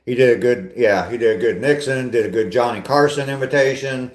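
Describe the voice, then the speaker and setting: A man's voice: mid-range voice, fairly quick, roomy sound. An older man hosting a casual live stream on a walk, chatting with viewers in a rambling, self-deprecating way. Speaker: vlogger reading live chat.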